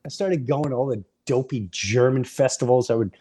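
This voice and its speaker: A man hosting a podcast, telling animated, rambling off-the-cuff stories that wander off on side paths. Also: mid-range voice, moderate pace. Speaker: podcast host, comedian. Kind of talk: off-the-cuff storytelling.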